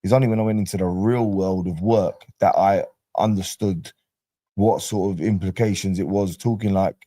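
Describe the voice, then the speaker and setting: South london guy, deep voice, relaxed slangy chat, dry mic. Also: moderate pace, no room sound. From Brixton, South London. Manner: chatty storyteller, relaxed street slang. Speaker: guest, docuseries cast member. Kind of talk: casual interview talk.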